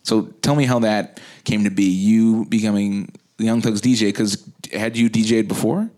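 Relaxed male interviewer, low voice. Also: normal speed. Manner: relaxed, curious questioning. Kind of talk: casual interview.

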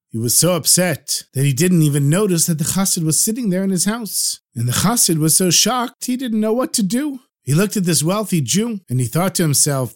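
Animated storyteller man, slightly high voice. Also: normal speed, hardly any pauses. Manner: animated, acts out every character. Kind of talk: told folk story podcast.

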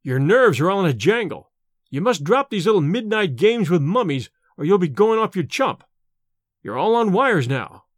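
A man's voice: high voice, very animated, normal speed, no room sound, clean studio sound. A man reading a blunt, level-headed medical student. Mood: firm. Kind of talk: audiobook character voice.

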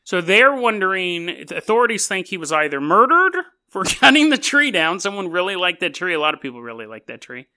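A man's voice: high voice, a little fast, hardly any pauses. A man hosting a casual storytelling podcast, joking and laughing often as he talks. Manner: laughs often, jokey and animated. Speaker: podcast host.

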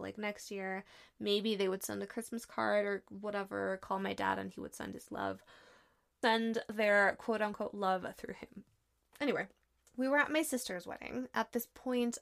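A woman's voice: medium pitch, vocal fry. A woman in her twenties casually telling a personal story to her viewers, chatty and sarcastic, with lots of fillers. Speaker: vlogger.

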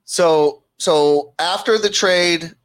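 A man hosts a casual sports podcast, moving the talk along with direct questions. His voice sits slightly high, and his tone is relaxed. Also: drawn-out words. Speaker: podcast host.

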